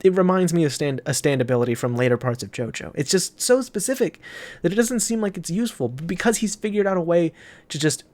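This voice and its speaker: A young man in casual reaction commentary, excitable and swearing a lot, with many fillers. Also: a little high, fast. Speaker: manga reaction host.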